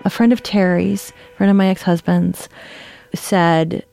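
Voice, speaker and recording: A woman's voice: mid-range voice, unhurried, vocal fry, a little mellow, no echo. A woman telling her own story in a casual, conversational way, with frequent fillers. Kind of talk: personal storytelling.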